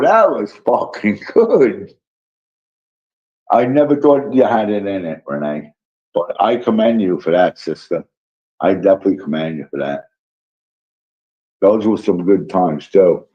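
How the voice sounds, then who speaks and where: A man hosting a live stream, telling a rambling, profane story with excitable asides while drowsy and yawning. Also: fairly low pitch, muffled recording. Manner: profane, excitable, tangent-prone. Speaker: livestream host.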